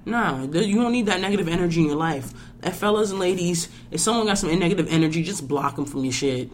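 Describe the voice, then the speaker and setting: A woman's voice: on the low side, expressive, fast talker, slight background noise. Blunt, ranting woman podcast host. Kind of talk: casual podcast chat.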